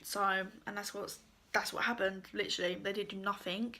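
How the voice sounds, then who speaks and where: Bright-voiced young woman telling a story. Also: medium pitch, steady tone, moderate pace. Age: young adult. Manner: chatty, lots of fillers and quoted dialogue. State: croaky voice. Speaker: vlogger. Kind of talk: casual storytime.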